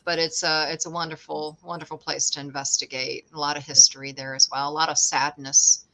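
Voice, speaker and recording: She talks in a deep voice with flat delivery, pushed and bright. As a guest in a casual chat, this middle-aged ghost tour owner tells her stories chattily and is quick with a joke.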